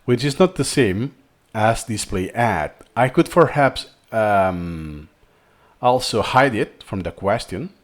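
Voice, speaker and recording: A man's voice: fairly low pitch, animated, slow. A man with a Spanish accent, a native Spanish speaker from Spain, explaining a learning tutorial and thinking aloud as he goes. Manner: thinking aloud, repeats himself. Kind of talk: screen-recorded tutorial talk.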